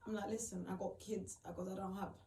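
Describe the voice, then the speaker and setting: A woman tells her own story in a halting, emotional way, often repeating herself and filling gaps with "like". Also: medium pitch, flat delivery, gravelly, mellow. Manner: halting, repeats phrases, many fillers. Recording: roomy, distant mic, faint background noise.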